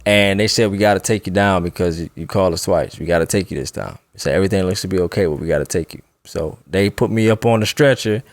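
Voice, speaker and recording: A man's voice: low-pitched, fast, hardly any pauses, no room sound. A man casually telling a long personal story on a podcast, loose and laughing as he goes. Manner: laid-back, laughs while telling a story. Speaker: podcast co-host.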